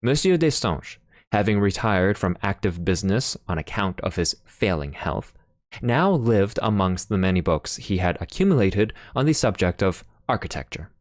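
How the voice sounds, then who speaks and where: A man's voice: low-pitched, no echo, clean studio sound. A man narrating an audiobook in a plain reading manner. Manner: plain reading with occasional fillers and restarts.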